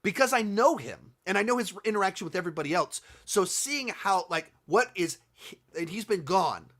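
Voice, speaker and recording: A man's voice: high voice, animated, normal speed, a bit bright. A man hosting a casual commentary video, answering viewer questions, rambling and thinking aloud with many restarts and sarcastic stretches.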